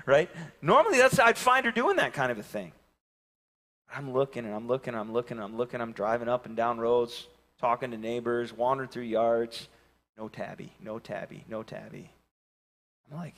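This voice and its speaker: Animated preacher in a reverberant hall. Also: male voice, mid-range voice, moderate pace. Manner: animated, swings from loud calls to hushed near-whispers. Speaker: pastor. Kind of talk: sermon with storytelling.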